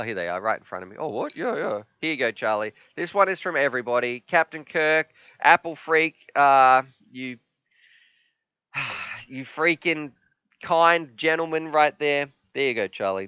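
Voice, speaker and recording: A man hosting a live stream, chatting casually and reading chat messages aloud, sometimes halting with emotion. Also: medium pitch, fairly bright tone, clean tone, no echo. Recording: slightly dull, dry sound.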